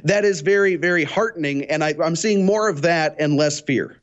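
A man from Kansas, a talk-show guest, speaking in an animated, indignant way with many rhetorical questions. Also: a little high, moderate pace, highs cut off. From Kansas, USA. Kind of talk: casual talk-show chat.

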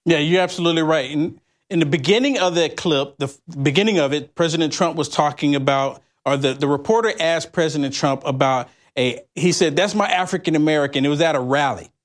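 A man hosting a political talk show, animated and stumbling over words as he talks. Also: a little high, a little fast. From California. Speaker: host.

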